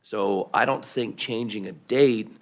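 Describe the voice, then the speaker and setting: A man's voice: fairly low pitch, a little slow, gravelly. A man on a legislative committee thinking aloud as he makes his point, with hesitant restarts. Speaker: committee member. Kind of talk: committee remarks.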